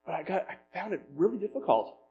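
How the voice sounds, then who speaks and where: A man telling a personal story as a pastor in a sermon, with self-deprecating humor and animated retelling. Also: high voice, fast, highs cut off, a little hiss or hum.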